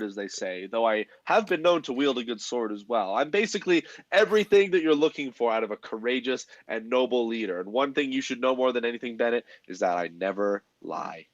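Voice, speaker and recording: A man voicing a boastful, smooth-talking adventurer who calls himself a noble leader, over a dull, dry mic. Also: medium pitch, no echo, natural voice. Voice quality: self-assured, salesman patter.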